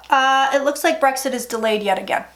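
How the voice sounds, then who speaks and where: Woman psychic, high voice, chatty and theatrical delivery for a tarot reading vlog. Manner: chatty, dramatic, with sudden loud asides and drawn-out phrases.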